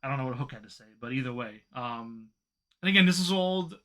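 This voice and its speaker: Bright-voiced man in casual podcast chat. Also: medium pitch, fast. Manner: animated, swearing, venting frustration. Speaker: podcast co-host.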